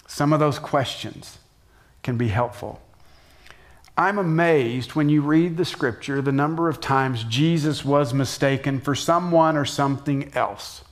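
Middle-aged male pastor, slightly high voice, conversational sermon delivery, quiet low drops for emphasis. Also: measured pace. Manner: conversational, dips soft and low for emphasis, jumps up for acted shouts.

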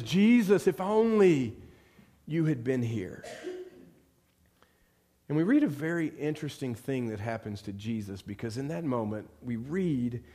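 A man with a fairly high-pitched voice delivers a sermon as pastor, narrating a story. His delivery moves from soft, hushed moments to loud, fervent stretches.

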